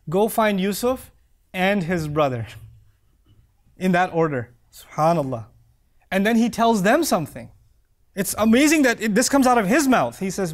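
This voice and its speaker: A middle-aged man giving an earnest, heartfelt sermon, reciting Arabic verses quickly and dropping to soft low tones. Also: sing-song. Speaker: preacher.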